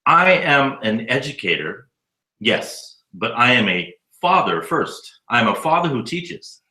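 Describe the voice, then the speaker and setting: Man, 50s, expressive, bright tone, roomy echo, casual cursing storyteller. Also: medium pitch, unhurried. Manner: animated, profane storyteller acting out dialogue. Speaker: interviewee, educator living abroad.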